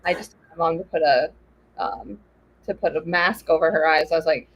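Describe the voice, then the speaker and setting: A woman co-hosting a casual chat, telling stories in an animated way and acting out what people said. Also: low voice, fairly quick, slightly rough, rough recording. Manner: animated storyteller, acts out quotes.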